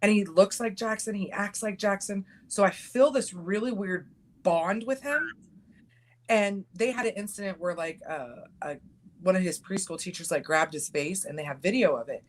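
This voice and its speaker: Middle-aged woman host, medium pitch, blunt and profane, acts out quotes. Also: normal speed, a little hiss or hum. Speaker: podcast host. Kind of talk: casual chat.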